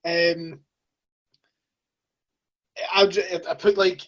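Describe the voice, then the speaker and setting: A woman's voice: on the low side, level tone. A woman with a Scottish accent hosting a casual interview, chatty and joking. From Scotland. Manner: chatty, joking, quick asides. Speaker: host. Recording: dull lo-fi mic sound.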